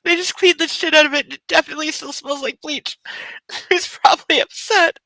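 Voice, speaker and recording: High, bright-voiced giggly woman streamer. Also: fairly even intonation, a little fast, no room sound, low-quality recording. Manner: giggly, exclaiming and reacting loudly. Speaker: streamer hosting a book club. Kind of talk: casual livestream chat, reading aloud.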